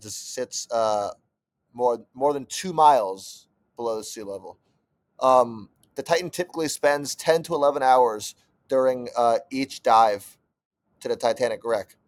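Profane young man ranting casually. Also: medium pitch. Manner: profane, exasperated rants. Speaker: podcast co-host. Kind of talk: casual chat.

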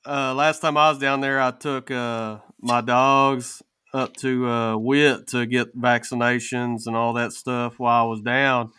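Brief: man, podcast storyteller, crisp and forceful tone. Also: medium pitch, flat delivery, measured pace. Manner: drawling storyteller, acts out quotes. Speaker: podcast panelist. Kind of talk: casual storytelling.

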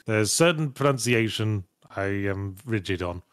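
A man's voice: on the low side, animated, unhurried, dry recording. A man hosting a casual podcast, reading out viewer messages with dry, sardonic asides. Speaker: podcast host reading superchats. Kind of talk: casual chat.

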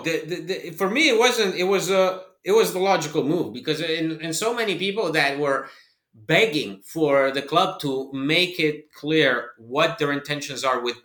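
A man co-hosting a football podcast, talking in a measured, analytical way with fillers. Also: a little high, bright, forceful tone. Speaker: podcast co-host. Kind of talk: casual podcast chat. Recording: roomy echoey room.

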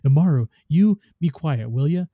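A man's voice: fairly high pitch, expressive, moderate pace, no room sound, phone-quality sound. Man reading as a snarling grumpy male ghost. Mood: grumbling. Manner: snarling, curt. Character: grumpy scheming male ghost robot, sneering.

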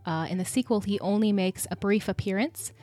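A woman's voice: mid-range voice, brisk, warm tone. A woman co-hosting a casual podcast, chatty and giggly as she explains things. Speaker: podcast co-host.

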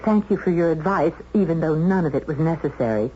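A woman's voice: low-pitched, a little fast, close to an everyday voice. A woman playing a timid, prim young secretary in a 1970s radio drama, often stammering when flustered. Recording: dull old radio broadcast with faint hiss.

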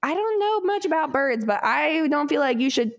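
Animated, swearing young woman. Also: high voice, moderate pace. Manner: animated storyteller, heavy swearing, loud acted quotes. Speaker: podcast co-host. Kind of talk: casual chat.

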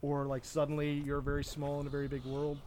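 A man's voice: on the high side, completely flat delivery, fast, darkish tone. A man co-hosting a podcast, recapping a film in a loose, rambling way with plenty of fillers. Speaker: podcast co-host. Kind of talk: casual movie chat.

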